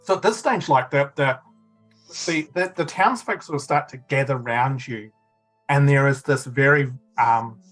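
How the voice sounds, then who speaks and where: Game master, rambling narration, mid pitch, light music under; a man. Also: unhurried, a bit bright, rough recording. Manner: rambling, filler-heavy narration.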